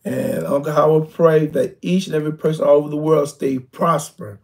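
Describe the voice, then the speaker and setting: A man's voice: on the high side, expressive, moderate pace, vocal fry, distant mic. An older man chatting casually as co-host, stumbling and repeating words, with a preachy tone. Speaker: co-host uncle. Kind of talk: casual chat.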